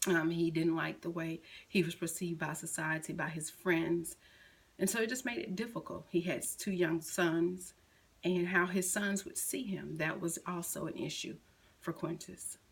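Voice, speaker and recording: A middle-aged mother slowly recounting a painful personal story, at times softly quoting her son. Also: fairly low pitch, steady tone, creaky, breathy edge, poor audio. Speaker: grieving mother. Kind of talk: personal testimony.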